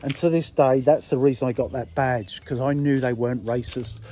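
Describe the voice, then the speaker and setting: A man's voice: medium pitch, steady tone, normal speed, dark tone. Indignant, sweary English man ranting. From England. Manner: blunt, indignant, sweary, rhetorical questions. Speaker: political commentary vlogger. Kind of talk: casual ranting monologue.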